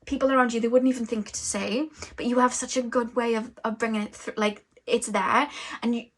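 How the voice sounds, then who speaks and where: A woman's voice: fairly high pitch, steady tone, a little fast. A woman giving an intuitive tarot reading, talking in a flowing, rambling way with many fillers. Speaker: tarot reader and energy channeler.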